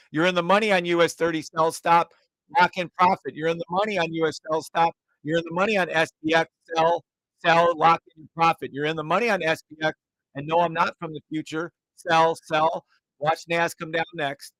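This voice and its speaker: A man's voice: fairly high pitch, fairly bright tone, dry recording, rough recording. Brash, profane man calling live trades. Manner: brash, profane, calls out trades in rapid repeated bursts; mocks imagined viewers in a whiny voice. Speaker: live trading stream host. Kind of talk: live trading commentary.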